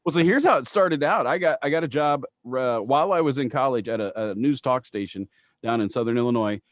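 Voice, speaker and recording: A man's voice: mid-range voice, brisk, no echo. A man who is a longtime radio host, telling stories on a podcast in a chatty way, laughing often. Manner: chatty, laughs often, acts out quoted callers. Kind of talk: casual podcast storytelling.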